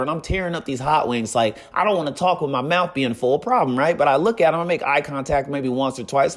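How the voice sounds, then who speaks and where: A young man telling a casual, animated story with a recurring catchphrase and acted-out quotes. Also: a little high.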